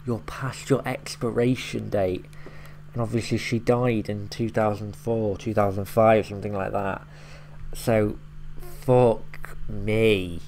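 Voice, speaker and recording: A man with a lowish voice talks through a reaction video in a loose, rambling way, filling gaps with "like" and "um" and swearing now and then. There is a faint hiss under his voice. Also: level tone, slow pace, a little mellow. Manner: rambling, explaining lines with loose fillers and swearing. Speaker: YouTube reaction host. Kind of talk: casual reaction commentary.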